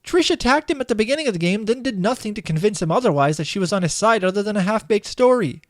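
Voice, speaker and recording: A man's voice: sits high, lively intonation, fast talker, dry recording, studio quality. A man hosting a comedic video game critique, narrating a script in a sarcastic, exasperated way. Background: game music.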